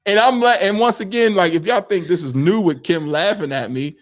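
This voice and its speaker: Animated man telling a funny story. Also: sits high, fairly quick. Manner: animated, acts out quotes, laughs often. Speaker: podcast co-host. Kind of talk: casual storytelling chat.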